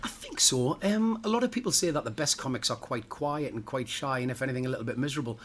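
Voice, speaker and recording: A man's voice: medium pitch, lively intonation, fast, a bit bright, slight background noise. A middle-aged man, a pantomime comic chatting jokily in an interview and laughing at his own stories. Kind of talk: casual interview chat.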